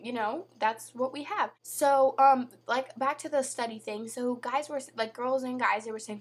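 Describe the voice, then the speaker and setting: Young woman, teen vlogger, fairly high voice, husky and hoarse, chatty casual talk to camera. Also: brisk. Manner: chatty, lots of "like" and "you know". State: voice going hoarse.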